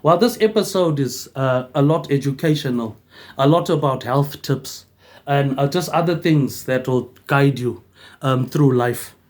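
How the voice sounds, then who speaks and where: A man, rambling through a loose monologue of his own. His voice sits in an ordinary middle pitch. He ends nearly every phrase with a quieter "mate, eh". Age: 40s. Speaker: vlogger.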